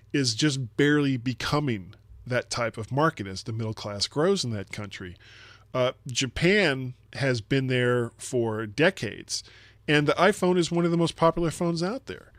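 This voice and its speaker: A man's voice: mid-range voice, expressive, moderate pace, fairly bright tone, dry recording. Dry-voiced man explaining tech news. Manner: explanatory, repeats words while thinking. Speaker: podcast co-host. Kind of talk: casual tech podcast discussion.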